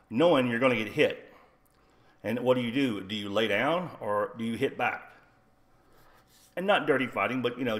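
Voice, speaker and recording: A man's voice: mid-range voice, a bit bright. A retired man telling a rambling, profane story on his own livestream in a blunt, combative way. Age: older. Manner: blunt, rambling, heavy swearing. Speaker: livestream host.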